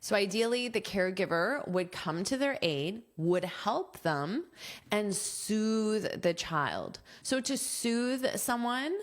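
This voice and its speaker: Slow-speaking woman teaching English vocabulary. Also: mid-range voice, expressive. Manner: patient, repeats and gives everyday examples. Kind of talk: explaining vocabulary from a text.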